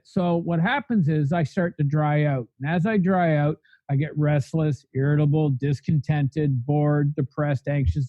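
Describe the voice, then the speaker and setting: A man's voice: on the high side, dark tone, no room sound, dull audio. A man telling his recovery story in a podcast interview, blunt and fiery, speaking in long spoken lists. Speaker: guest sharing recovery story.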